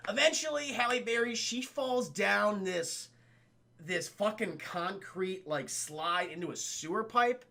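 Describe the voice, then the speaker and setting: A young man rambles through a film recap for his live chat, swearing freely and stopping to address chat. His voice is high and bright, with a gravelly edge. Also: unhurried. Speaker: film reviewer streaming to chat. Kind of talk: casual spoken film review.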